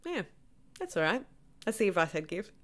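A woman's voice: medium pitch, big pitch swings, fairly quick, faint music behind. A woman actor, answering questions in a chatty, self-deprecating way with lots of ums. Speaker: stage actor. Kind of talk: casual Q&A answers to camera.

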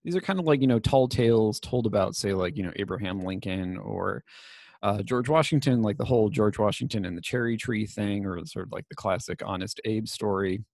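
A man giving a recorded course lecture, casual and digressive with many fillers, his voice slightly raspy from talking. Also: on the low side, fairly quick, a little mellow, no room sound, clean studio sound.

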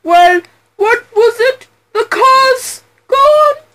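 A woman reading as a befuddled elderly judge, high-pitched and bright, drawing his questions out slowly. He reads the punctuation marks aloud as if they were spoken words. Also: expressive, heavily acted. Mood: puzzled. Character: bumbling elderly male court judge.

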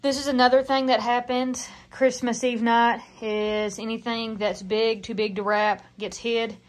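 A woman's voice: a little high, level tone, a little slow. A young woman with a Southern Appalachian accent, chatting casually in a family vlog at home. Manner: chatty, rambling, says "like" often. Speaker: vlogger. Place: family house, kitchen.

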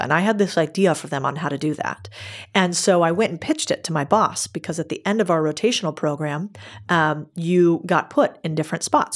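A woman with a slightly low voice tells stories as a podcast guest. Her delivery is casual, brisk and frank. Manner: lively storyteller, brisk and candid. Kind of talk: casual interview storytelling.

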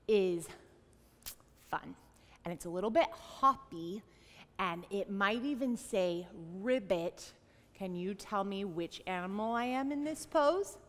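A young woman guides a children's yoga class in a high voice that swoops up and down as she plays along. She talks slowly and encouragingly, with an unhurried sing-song delivery. A long reverb hangs behind her, as in a large room. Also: a bit bright. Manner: playful, sing-song and encouraging, with animal sounds. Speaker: kids yoga teacher.

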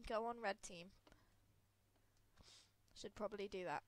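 A woman's voice: medium pitch, unhurried, dry recording. A woman with a cold, congested and sniffly, giving giggly, rambling, self-deprecating commentary over a video game. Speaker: gaming video creator. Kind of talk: casual gameplay commentary.

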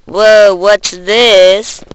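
A man's voice: high voice, fairly even intonation, extremely slow. A teenage guy vlogging on a handheld camera at a busy kids' pizza and arcade place, joking around in a goofy, exaggerated way. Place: indoor children's pizza and arcade venue. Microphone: handheld camera mic. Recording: loud crowd noise on camera mic. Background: loud crowd chatter and arcade noise.

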